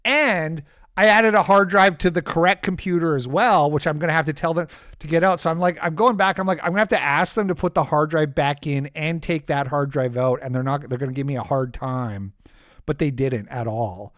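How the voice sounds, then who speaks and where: A man's voice: on the high side, a little fast, no room sound, studio quality. Swearing man telling a story. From Canada. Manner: animated, swears freely, self-deprecating. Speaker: streamer host. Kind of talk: casual rambling storytelling.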